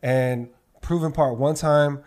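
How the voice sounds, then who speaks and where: A man's voice: on the high side, takes it slowly. Man telling a story in casual chat. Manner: animated, profane, repeats himself in quoted dialogue.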